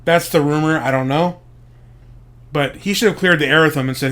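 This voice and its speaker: A man's voice: on the high side, fairly quick, long pauses, a bit bright. A man giving a casual, profane commentary monologue as a show host, speculating and explaining wrestling slang. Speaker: podcast host.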